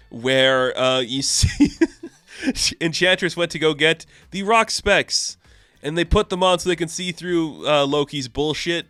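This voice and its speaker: Bright, dry-voiced sarcastic comic reviewer man. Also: a little high, clear, resonant tone, dry recording. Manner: animated, sarcastic, acts out quotes in silly voices.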